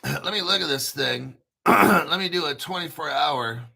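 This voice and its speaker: A man hosting a crypto show in a casual livestream rant, profane and brash, often clearing his throat. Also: a little high, expressive, measured pace, pushed and bright.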